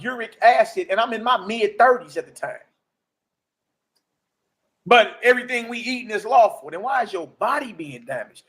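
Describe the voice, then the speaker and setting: High-voiced, animated man in his forties. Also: normal speed. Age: 40s. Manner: animated, slangy, keeps asking "you dig?". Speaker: livestream host. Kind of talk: casual preaching testimony.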